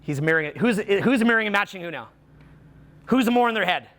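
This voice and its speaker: A man's voice: high voice, lively intonation, quick pace, fairly bright tone. A man coaching a live seminar audience, playful and teasing as he banters with volunteers on stage. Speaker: social skills coach.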